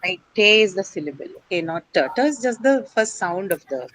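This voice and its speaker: A woman's voice: lowish voice, big pitch swings, fairly quick, poor audio. A woman teaching an English class, quizzing and correcting her students on word stress.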